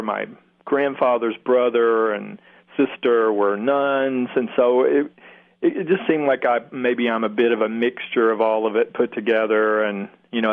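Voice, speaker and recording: A man from Kentucky with a Southern accent, talking reflectively in an interview, with many restarts. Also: mid-range voice. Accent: Southern American. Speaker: guest healer. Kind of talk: interview answers. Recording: phone-line radio sound.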